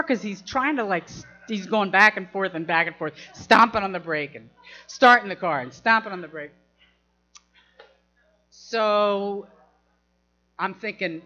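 Lady telling a funny story, keeps laughing, bright sharp voice, dull lo-fi recording. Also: mid-range voice, expressive, unhurried, long pauses. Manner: laughs often while telling, acts out quoted voices. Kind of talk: personal anecdote told to an audience.

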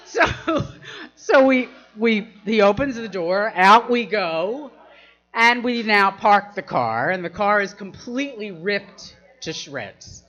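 A woman's voice: mid-range voice, expressive, slow, fairly bright tone. A woman telling a personal anecdote, laughing often and acting out the people she quotes. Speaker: storyteller. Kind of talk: personal anecdote told to an audience. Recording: dull lo-fi recording.

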